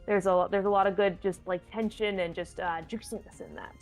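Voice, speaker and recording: Her mid-range voice holds a steady tone and moves fairly quickly, with faint music behind it. She's the stand-in host of a live tabletop game stream, chatting casually and answering viewer questions playfully, rambling and restarting a lot.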